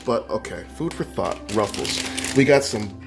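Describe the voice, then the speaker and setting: A man's voice: fairly low pitch, lively intonation, normal speed, music in the background. A man vlogging at home, chatting earnestly and casually as he answers relationship questions, with asides and restarts. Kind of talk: casual vlog chat. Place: his home, walking from bedroom to kitchen.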